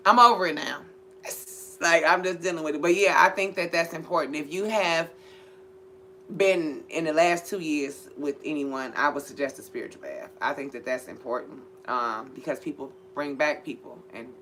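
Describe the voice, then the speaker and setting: Woman, spiritual reader, blunt, profane, animated, bright voice. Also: deep voice, a little hiss or hum. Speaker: spiritual reader and channel host. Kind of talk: casual spiritual chat.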